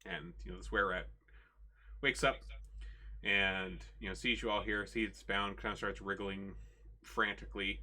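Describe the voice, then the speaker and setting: Deep-voiced, rambling male game master. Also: steady tone, normal speed, sharp tone. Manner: rambling, full of "you know" and "like". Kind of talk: narrating a tabletop game.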